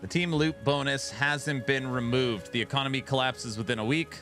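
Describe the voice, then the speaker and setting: A man's voice: medium pitch, normal speed, a bit bright, faint music behind. A man streaming, reading viewer comments aloud in a casual, wry, amused way. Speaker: streamer reacting to game patch notes.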